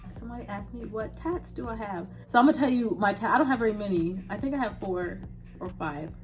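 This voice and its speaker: A young woman vlogger answering viewer questions in a candid, casual chat, laughing often and dropping in quick asides. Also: mid-range voice, big pitch swings, soft background music.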